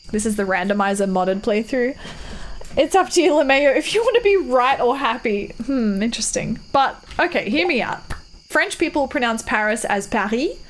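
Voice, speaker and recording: A woman's voice: a little high, a little hiss or hum. A woman live-streaming a farming game, chatting casually, reading and answering her chat with frequent giggles.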